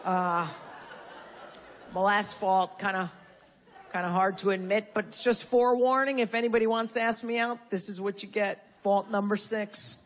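A woman's voice: medium pitch, steady tone, normal speed, some chatter behind. A woman from Connecticut doing a stand-up comedy set, brash and profane with punchy insult jokes. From Connecticut, USA. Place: live comedy venue with audience.

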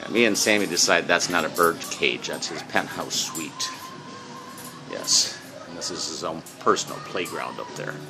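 A man filming his pet parrot at home on a handheld phone, switching between high sing-song baby talk to the bird and low asides. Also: normal speed, over music. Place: home indoors.

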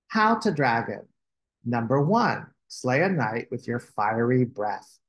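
A man hosting a children's storytime, reading a picture book aloud with expressive delivery. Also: mid-range voice, slow.

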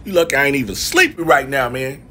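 A man's voice: mid-range voice, animated, fast talker, bright, forceful tone, a little hiss or hum, voice pushed down. A man voicing a grumpy male dog who mutters threats and blusters at an intruder on his bed.

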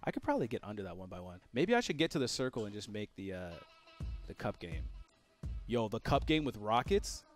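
A man commentating his own gameplay as a gaming YouTuber, excitable and full of joking trash talk. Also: on the low side, fairly quick, soft background music.

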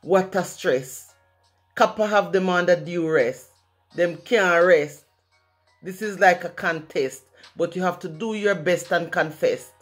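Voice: mid-range voice, takes it slowly, a bit bright, faint music behind. A speaker from Jamaica with a Jamaican accent, reciting a rhyming poem in a rhythmic way, using patois phrasing. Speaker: poet.

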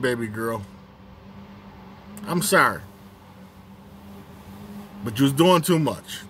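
A man's voice: on the high side, fairly bright tone, slight background noise. A man hosting his own casual commentary vlog on a break at work, talking bluntly and repeating his points for emphasis.

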